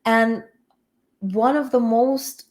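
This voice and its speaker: A woman's voice: fairly high pitch, very slow, darkish tone. A woman who teaches spiritual healing, telling a personal story in a frank, emphatic way with casual swearing. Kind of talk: candid personal talk.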